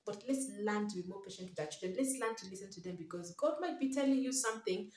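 Mom vlogger giving earnest parenting advice, keeps repeating herself for emphasis, echoey room. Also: female voice, medium pitch, fast talker, few pauses, a little mellow, far from the mic. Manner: emphatic, repeats key phrases, pleading.

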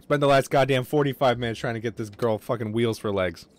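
A young man commentating his game on a livestream, excitable and swearing, with quick outbursts of frustration. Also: medium pitch. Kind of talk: casual gaming livestream commentary.

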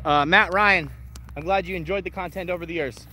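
Excitable, foul-mouthed man streaming live on a dog walk outdoors; bright, bouncy delivery with faint noise behind. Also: high voice, a little fast. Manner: profane, excitable, greets chat viewers. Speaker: livestreamer. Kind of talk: casual live stream chat. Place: outdoors, walking with dogs.

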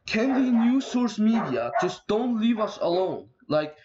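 A young man with a high voice rants to camera in a vlog, swearing and exasperated. His voice comes through a dull, lo-fi home mic. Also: noisy background. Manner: profane, ranting, exasperated. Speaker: YouTuber. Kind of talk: angry rant vlog.

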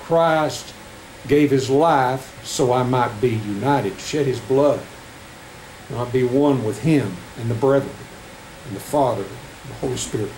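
A middle-aged man preaching a sermon in a church, reading scripture with rising emphasis and halting restarts. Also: medium pitch, darkish tone. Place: church sanctuary. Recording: echoey church room with faint air conditioning hum.

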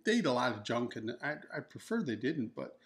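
A man's voice: medium pitch, sing-song, brisk. A man co-hosting a couple's diet vlog, chatting casually in a joking, rambling way. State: nursing a broken ankle. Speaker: co-host of a couple's keto vlog. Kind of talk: casual chat.

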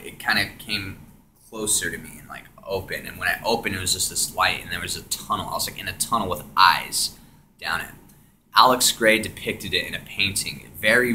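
A young man telling a story of his own experience to a camera, switching between hushed whispers and loud, swearing outbursts. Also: low-pitched, a little hiss or hum. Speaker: vlogger. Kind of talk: first-person storytelling.

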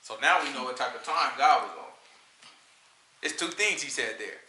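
A man teaching scripture in an informal, conversational sermon, slangy and animated, often checking in with "right?". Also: mid-range voice, normal speed, roomy sound. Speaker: teacher leading a scripture study.

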